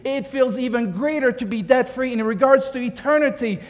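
A man's voice: very high-pitched, normal speed, big-room sound. A man preaching a sermon, emphatic, repeating key phrases and asking rhetorical questions. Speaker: pastor.

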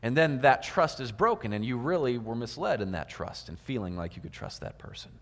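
A man's voice: medium pitch, very animated, fairly quick, fairly bright tone. A man giving a sermon in a church, acting out little everyday scenes with quoted voices. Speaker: preacher. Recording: long hall reverb.

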